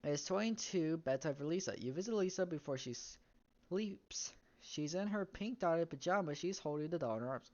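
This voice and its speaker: A woman's voice: low voice, animated, normal speed, mellow, muffled recording. A woman streaming a story game, reading its text aloud and breaking off into wry comments.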